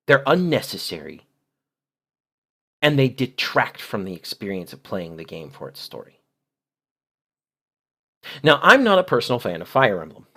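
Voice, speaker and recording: A man's voice: fairly low pitch, animated, normal speed, fairly bright tone. A man hosting a channel, giving critical video commentary in an exasperated, sarcastic way and explaining translations in detail. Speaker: channel host.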